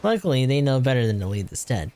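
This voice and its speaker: A woman's voice: a bass voice, sing-song, quick pace, warm tone. A man voicing a flustered farm woman from a game, reading her lines in a perky, sing-song way. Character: flustered farm woman chasing runaway birds.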